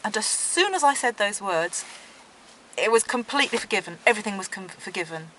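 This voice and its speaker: Middle-aged woman telling dreams gently, bright forward voice, faint hiss behind. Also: mid-range voice, expressive, a little fast, poor audio. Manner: gentle, earnest storytelling with soft laughs. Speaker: interviewee. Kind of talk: recounting dreams in a relaxed interview.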